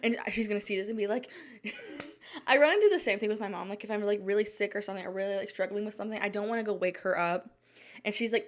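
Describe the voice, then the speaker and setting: A woman's voice: medium pitch, fast. Flustered young woman rambling anxiously. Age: young adult. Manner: rambling, flustered, many "like" fillers and restarts. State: anxious and shaken. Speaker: podcast host. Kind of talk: casual solo chat. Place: at home at night.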